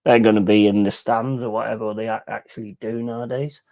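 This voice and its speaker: A man's voice: on the low side, level tone, brisk, a little mellow. A man hosting a football watch-along, ranting furiously with heavy swearing about refereeing decisions. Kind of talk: live football reaction commentary.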